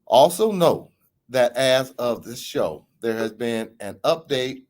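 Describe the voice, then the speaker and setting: A man's voice: lively intonation, slow, a little mellow. A man hosting a podcast and giving emphatic, theatrical political commentary. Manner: emphatic, theatrical delivery with big pitch swings. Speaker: podcast host.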